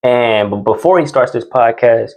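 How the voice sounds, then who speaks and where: A man's voice: medium pitch, normal speed. A man hosting his own podcast, talking casually in slang and swearing freely as he tells personal stories. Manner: profane, slangy, animated. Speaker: podcast host. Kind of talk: casual commentary and storytelling.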